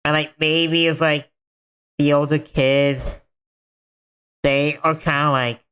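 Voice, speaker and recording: A man's voice: a little high, level tone, slow, a bit bright, clear, resonant tone. A man streaming a game, chatting casually in a rambling way full of filler words. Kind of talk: casual chat while gaming.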